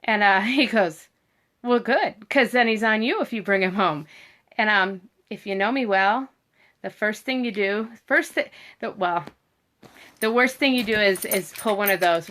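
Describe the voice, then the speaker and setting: A woman's voice: mid-range voice, normal speed, a bit bright. A middle-aged woman, chatting and rambling as she tells a story on a livestream, talking to viewers and her dog. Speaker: vlogger.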